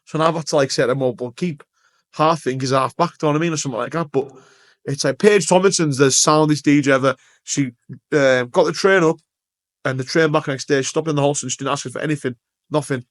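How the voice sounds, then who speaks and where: A man's voice: a little high, fast. A young man, an event organiser chatting on a podcast, rambling with lots of swearing and restarts. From Carlisle, England. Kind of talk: casual podcast chat.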